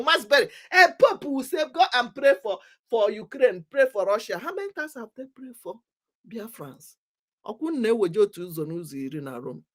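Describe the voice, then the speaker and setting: A woman's voice: on the high side, a bit bright. Nigerian lady preaching urgency, lots of repeating, voice jumps all over. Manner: emphatic, repetitive, preaching urgency. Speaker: commentator on community affairs. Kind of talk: impassioned talk mixing English, Pidgin and Igbo.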